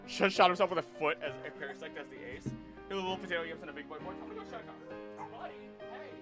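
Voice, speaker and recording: A young man casually commenting on his gameplay while he streams, chatty and animated, with sudden loud outbursts. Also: high-pitched, fast talker, over loud music. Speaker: streamer playing a video game.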